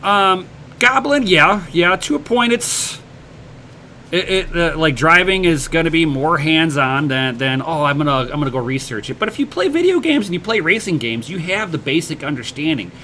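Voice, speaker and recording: His voice is fairly high, sing-song and bright, with a forceful tone and a moderate pace, and there's a bit of background noise. He's hosting a casual livestream, answering viewer comments with blunt motivation, casual swearing, and stumbles over repeated words at the start of sentences.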